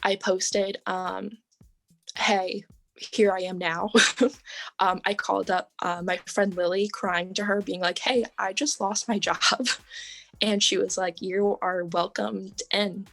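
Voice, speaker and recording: A young woman talks as a podcast guest, chatting through her story in a loose, casual way. Her pitch sits in the ordinary middle range for a woman. She fills her speech with "like" and "um" and laughs lightly as she goes. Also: level tone, slow pace, vocal fry, fairly bright tone. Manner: chatty, lots of "like" and "um", laughs often.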